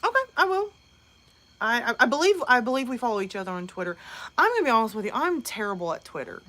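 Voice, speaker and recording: A woman's voice: fairly high pitch, sing-song, quick pace, sharp tone. A woman in her thirties hosting a casual live stream from home, chatting and answering viewers' comments.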